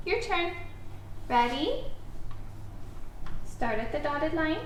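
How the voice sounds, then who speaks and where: Lively high-voiced woman teaching a child. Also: slow pace, a little hiss or hum. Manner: animated, encouraging, step-by-step prompting. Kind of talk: guided writing lesson for a young child. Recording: echoey room, mic at a distance.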